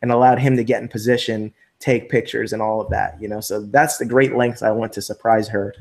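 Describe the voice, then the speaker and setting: Fairly low-pitched and fairly quick, a man being interviewed tells a casual story, animatedly voicing the people he quotes and leaning heavily on fillers.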